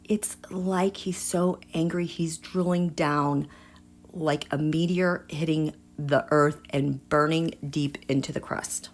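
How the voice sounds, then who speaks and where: A slightly low-pitched woman hosting a live tarot reading. She is chatty and dramatic, often talking straight to her viewers. She drops into hushed asides, then bursts out with excitement. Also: takes it slowly. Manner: chatty, addresses viewers directly. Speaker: tarot reader and livestream host.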